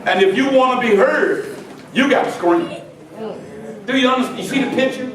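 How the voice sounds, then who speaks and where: A pastor preaching a sermon to his congregation, swinging between quiet asides and shouted climaxes. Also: very high voice, noisy background. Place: church sanctuary with congregation. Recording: very echoey church hall from far off with congregation. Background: congregation responding and laughing.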